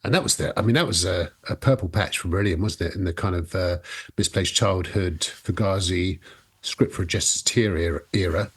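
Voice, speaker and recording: A man co-hosting a rock music podcast in a casual chat, lively and quick to rise in pitch when asking questions. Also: husky. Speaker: podcast co-host.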